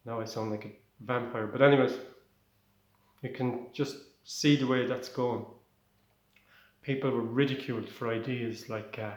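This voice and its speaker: A man from Ireland telling comic stories in a rambling, excitable way that keeps breaking off and restarting. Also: mid-range voice, a little slow, pauses often, echoey room. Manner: rambling, self-interrupting, excitable. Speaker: stand-up comedian. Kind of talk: comic storytelling.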